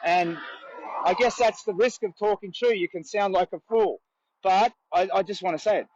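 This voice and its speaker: A man's voice: high voice, normal speed, darkish tone, dull audio. An Australian man livestreaming from a roadside on a long charity walk, rambling earnestly and chatting with passers-by. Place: outdoors by a road.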